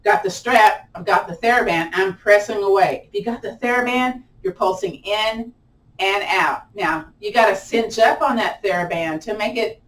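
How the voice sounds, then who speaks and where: In this live online exercise class, a woman with a lilt and a mid-range voice talks chair yoga students through each move at normal speed. Chatty and encouraging, she gives a playful whoop during a held pose. She's a little way off from a camera mic, in a roomy space with noticeable echo.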